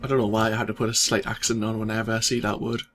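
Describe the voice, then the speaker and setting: Give me a relaxed man narrating his game. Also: lowish voice, very fast, slight background noise. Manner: relaxed, self-deprecating, thinking aloud. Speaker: let's play host. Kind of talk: casual gameplay commentary.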